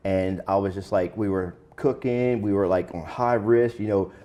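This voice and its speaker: Mellow low-voiced man telling his story. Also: normal speed. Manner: candid and plain-spoken, uses slang. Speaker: guest sharing his recovery story. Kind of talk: casual conversational storytelling.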